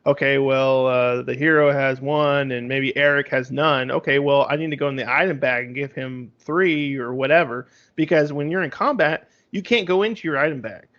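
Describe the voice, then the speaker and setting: A man's voice: medium pitch, normal speed, few pauses. A man co-hosting a casual game review podcast, explaining strategies in a rambling, explanatory way. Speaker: podcast co-host. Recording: slightly dull lo-fi audio.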